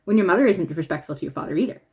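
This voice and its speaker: A woman talking casually as she reviews a drama series, animated, with frequent laughter and trailing restarts. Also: on the low side, rapid-fire, gravelly. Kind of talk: casual opinion vlog.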